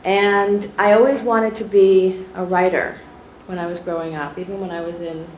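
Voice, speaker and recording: Journalist lady telling a story to a class of kids, lively, keeps asking them questions, echoey room. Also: lowish voice, normal speed. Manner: animated, asks the children questions directly. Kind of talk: storytelling talk to schoolchildren. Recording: echoey room, faint ambient noise.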